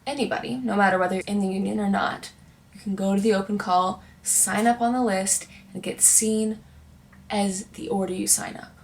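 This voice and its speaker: A woman's voice: medium pitch, steady tone, normal speed. A young woman, a working actor, giving chatty, encouraging advice straight to the viewer in a casual vlog. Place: apartment in New York.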